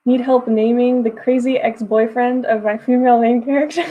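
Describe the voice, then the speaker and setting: A woman's voice: a little high, fairly even intonation, normal speed, phone-quality sound. A young woman hosting a writing livestream, chatting casually with viewers, giggling often and talking in loose, restarting phrases. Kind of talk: casual livestream chat reading comments.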